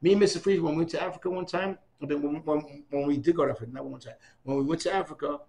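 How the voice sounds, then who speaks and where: This older man, from New City and from New York City, races through his oral history stories in a voice on the high side, acting out quoted voices as an animated storyteller. There's a little hiss or hum on the recording.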